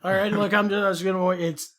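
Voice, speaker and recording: This young man with a Chicago accent talks fast in a high voice. He's co-hosting a podcast, spinning rambling, profane stories in a casual chat as an animated storyteller.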